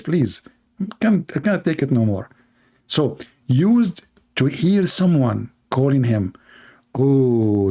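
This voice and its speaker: Guy hosting a livestream, mocking and sarcastic, mellow low-key tone, broken english. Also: slightly rough. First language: Arabic. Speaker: livestream host. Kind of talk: mocking live-stream commentary.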